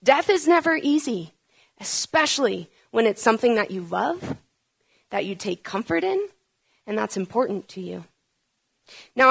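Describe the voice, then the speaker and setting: A woman's voice: fairly high pitch, vocal fry, a bit bright, slightly rough. A woman preaching a sermon, asking rhetorical questions and building to urgent, emphatic peaks.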